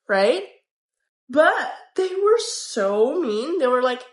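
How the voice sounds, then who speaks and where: Young woman vlogger, high voice, unhurried profane storytelling, echoey room. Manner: candid, profane, animated retelling. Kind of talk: casual storytime monologue.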